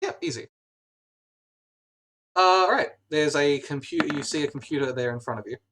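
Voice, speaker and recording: A man's voice: fairly high pitch, normal speed, gravelly, noisy background. A man running a tabletop role-playing game as game master, narrating scenes with frequent "uh" fillers and restarts. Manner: hesitant, many "uh" fillers.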